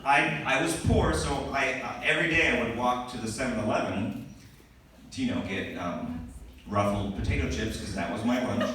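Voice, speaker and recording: A man doing stand-up comedy, telling a story with lively asides and laughing as he goes. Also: medium pitch, moderate pace, background noise. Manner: animated storytelling with laughing asides and put-on voices. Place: comedy club. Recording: echoey club recording from a distance. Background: audience laughter.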